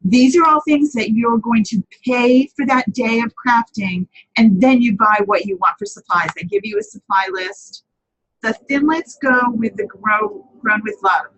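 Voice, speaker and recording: A woman's voice: a little high, big pitch swings, normal speed, a bit bright, a little hiss or hum, rough recording. A woman hosting a live papercrafting chat, talking casually, answering viewers by name and often correcting herself as she goes.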